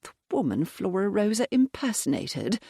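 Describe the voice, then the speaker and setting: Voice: medium pitch, big pitch swings, moderate pace, gravelly, warm tone, husky, no room sound, studio quality, pitched above the performer's own voice, heavily acted. A narrator doing a wheezing, panicked old viscount. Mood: evasive. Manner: breathless, gasping.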